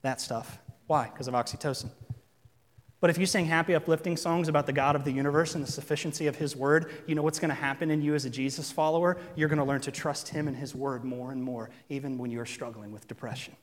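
A pastor delivers a sermon in a church sanctuary, preaching earnestly and conversationally and posing rhetorical questions. His medium-pitched voice keeps a steady tone at a quick pace. The large hall gives the recording a long reverb.

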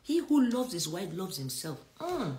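A woman's voice: on the low side, big pitch swings, unhurried, a little mellow, echoey room. A middle-aged woman preaching a sermon on a livestream, reading scripture and making emphatic points with laughter between them.

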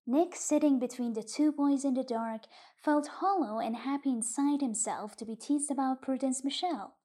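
A woman narrating a literary short story in a calm, measured audiobook reading. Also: high-pitched.

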